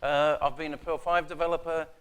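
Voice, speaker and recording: A man's voice: fairly high pitch, level tone, fairly quick, a bit bright, clear, resonant tone. New man giving a casual tech talk. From New Zealand. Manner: casual, self-deprecating, many ums and uhs. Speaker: conference speaker. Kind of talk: technical conference talk. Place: conference room.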